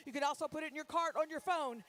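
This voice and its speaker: Woman auctioneer, high-pitched, brisk rallying calls for donations. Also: fairly bright tone. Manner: rapid, rallying bid calls. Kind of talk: live charity auction calling. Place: gala dinner hall.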